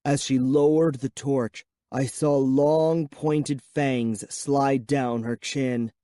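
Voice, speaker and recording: A man narrating a children's horror audiobook in first person with a measured, suspenseful reading. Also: medium pitch, steady tone, mellow, no room sound, studio quality.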